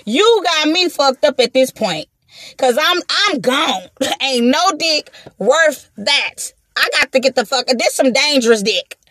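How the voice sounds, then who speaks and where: A slightly high-voiced woman spins a wild story for her viewers, loose and profane, with slangy asides to the audience. She acts out her own lines as she goes. The sound is dry and close, with no room around her. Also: animated, unhurried, a bit bright, no echo. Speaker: vlogger telling a story.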